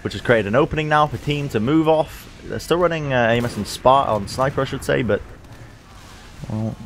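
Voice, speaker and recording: Excitable male esports play-by-play caster. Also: fairly quick, a little hiss or hum. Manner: energetic, climbs in pitch on big plays, jokey asides. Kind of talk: play-by-play commentary.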